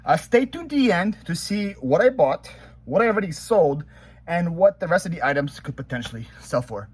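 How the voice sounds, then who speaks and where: A young man from the Philadelphia area chatting casually as a reseller vlogger, upbeat and quick to laugh, a little out of breath. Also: on the high side, very animated, husky, no echo. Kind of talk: casual vlog chat.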